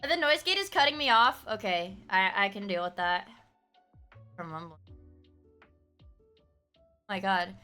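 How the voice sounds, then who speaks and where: A woman streamer chatting casually with her viewers, laughing often and breaking into sudden shouts. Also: mid-range voice, a little slow, long pauses, faint music behind. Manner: animated, laughing, bursts into shouting. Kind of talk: casual chat.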